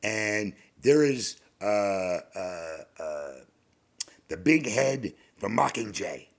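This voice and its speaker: Low, gravelly man telling a story. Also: lively intonation. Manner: rambling, halting, drops into hushed whispers. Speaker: podcast host. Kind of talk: personal storytelling monologue.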